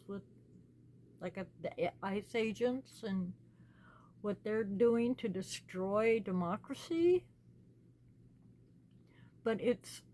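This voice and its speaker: A woman from the United States, talking slowly and earnestly as host of her own small channel, pleading with her listeners. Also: fairly high pitch, mellow. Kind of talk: personal spoken commentary.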